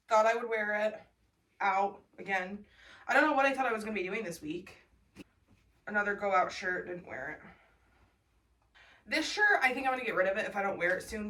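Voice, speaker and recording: This casual home vlog features a chatty young woman with a sharp-toned, medium-pitched voice talking to viewers and baby-talking to her pet. It was recorded in her bedroom and home office on a distant mic, with faint noise behind her.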